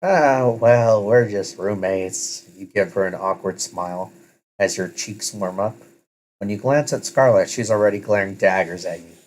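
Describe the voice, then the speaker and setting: Male story reader, lowish voice, casual, stops to fix his slips. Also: fairly even intonation, normal speed, a little hiss or hum, poor audio. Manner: self-correcting, casual. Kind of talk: second-person story narration.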